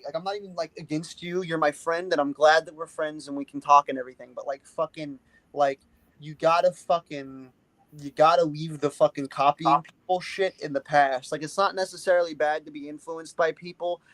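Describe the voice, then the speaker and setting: A man's voice: on the high side, fairly quick, a bit bright, dry recording, low-quality recording. A man in a casual podcast chat, talking bluntly with lots of swearing and filler words.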